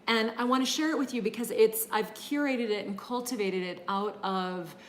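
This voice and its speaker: A woman's voice: on the high side, fairly even intonation, normal speed, slight background noise. Bubbly woman hosting a live class. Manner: bubbly and chatty, greets viewers by name, many fillers. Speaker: energy healing and meditation teacher. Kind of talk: live-stream class chat, reading viewer comments.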